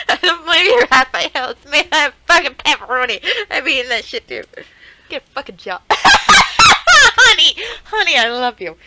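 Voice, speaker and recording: Young woman streamer, bright voice, swears freely and shouts at the screen, reaction-stream energy. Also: high-pitched, normal speed, long pauses, slight background noise, poor audio. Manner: excitable, swearing, laughing, talking to the screen. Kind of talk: casual reaction commentary.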